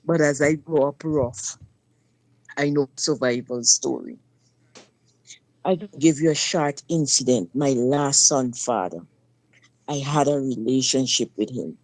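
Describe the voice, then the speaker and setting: A woman's voice: very deep voice, a little slow, long pauses, no room sound. A woman tells a personal story on a talk show, speaking emphatically and turning often to the listener. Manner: emphatic dialect storytelling, addresses listener directly. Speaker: guest sharing personal story.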